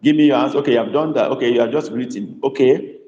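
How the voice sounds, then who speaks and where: A man teaches a live online class and repeats words slowly and patiently. He calls on students by name. His voice rings in a roomy space with a long reverb tail. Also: mid-range voice, dark tone, dull audio. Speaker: language tutor. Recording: echoey room with long reverb.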